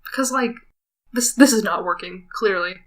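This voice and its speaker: A woman's voice: mid-range voice, moderate pace. A woman reading a visual novel aloud and breaking off for wry, self-conscious comments. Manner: wry, self-conscious asides between read lines. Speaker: let's player.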